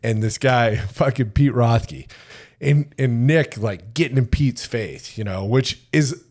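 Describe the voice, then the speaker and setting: A man's voice: mid-range voice, slow pace, darkish tone. A middle-aged American man, a retired Army sergeant major, casually telling a long profane story as a podcast guest, peppering his speech with "like" and acting out what others said. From United States. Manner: profane, rambling, fills speech with "like", acts out quoted lines.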